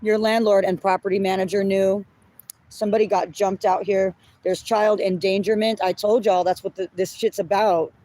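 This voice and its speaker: A woman's voice: medium pitch, flat delivery, moderate pace, mellow. A woman giving a collective tarot reading in casual talk, blunt and often apologizing, swearing when she gets upset. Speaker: tarot reader.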